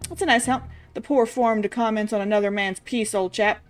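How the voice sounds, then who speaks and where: Brief: a woman doing a pompous old brigadier, posh put-on accent, pitched higher, over faint music. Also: fairly even intonation, a little fast, close to an everyday voice. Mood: blustering. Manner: posh put-on British accent, attempted and shaky. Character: blustering old British army brigadier, eccentric, man. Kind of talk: reading game dialogue aloud on stream.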